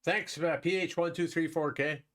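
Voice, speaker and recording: A man's voice: a little high, fairly even intonation, moderate pace, fairly bright tone. A man from Wisconsin hosting a live stream, chatting casually with viewers while commenting on a board game and laughing often.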